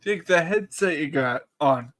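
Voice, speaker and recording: A man's voice: a little high, lively intonation, a little slow, a crowd in the background. A man from New England with a Boston accent, chatting casually as a livestream guest, laughing often and swearing freely. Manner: laughing, profane storytelling. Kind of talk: casual chat.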